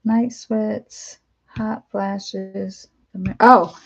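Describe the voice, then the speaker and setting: A woman in her fifties chatting casually on a live stream, candid and rambling, with lots of fillers, laughs and animated quoted asides. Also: mid-range voice, a little slow, muffled recording. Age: 50s. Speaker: vlogger. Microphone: live-stream camera mic.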